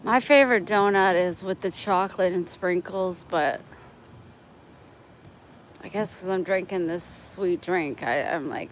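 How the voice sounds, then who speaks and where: A woman's voice: lowish voice, a little slow, a little hiss or hum, rough recording. A woman vlogging live in casual chat, chatty and plainspoken, talking into a phone outdoors near her home. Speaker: vlogger livestreaming.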